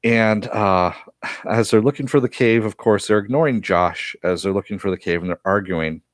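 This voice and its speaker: A man's voice: on the low side, normal speed, no echo, studio quality. Laid-back man chatting a TV recap. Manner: chatty, laughs often, many fillers. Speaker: TV episode reviewer. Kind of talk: casual spoken recap.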